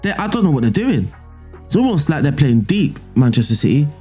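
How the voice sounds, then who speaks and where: Excitable man commentating his game. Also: a little high, a little fast, slightly rough, soft background music. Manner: excitable, shouts at misses, swears mildly. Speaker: video game streamer. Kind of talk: gameplay commentary and tactics breakdown.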